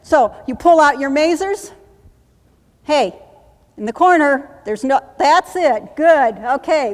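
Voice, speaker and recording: Commanding woman coaching in a reverberant hall. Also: high voice. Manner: brisk, commanding coaching with chanted repetitions. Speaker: workshop presenter. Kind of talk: live training demonstration. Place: conference room.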